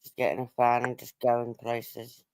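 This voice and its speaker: Stream guest, clear smooth voice, dry sound, brief agreeable comments. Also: mid-range voice, completely flat delivery, moderate pace, dry recording, low-quality recording. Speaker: livestream guest. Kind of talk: casual chat.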